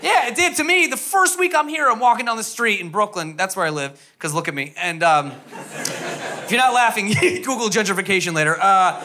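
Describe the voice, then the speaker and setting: A man's voice: sits high, brisk, bright, forceful tone. A young man from the US East Coast doing stand-up comedy, rambling and self-mocking with lots of fillers and tag questions.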